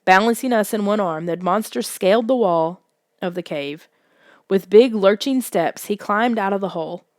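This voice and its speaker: A woman narrating a children's suspense story in a soft, hushed audiobook reading. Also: medium pitch, moderate pace, dry recording, clean studio sound.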